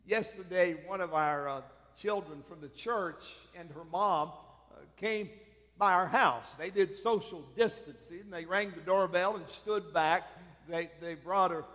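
A man preaching an Easter sermon as pastor, slow and emphatic, often trailing off softly at the ends of phrases. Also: sits high. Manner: slow, emphatic preaching with soft dropped endings. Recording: long hall reverb.

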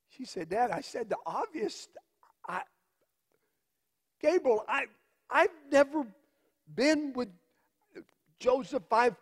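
A man playing Mary's middle-aged father, telling the story in an earnest, halting first-person monologue. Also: extremely high pitch, breathy edge, long reverb tail, full character voice. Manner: slow, emphatic, with halting repeats and long pauses.

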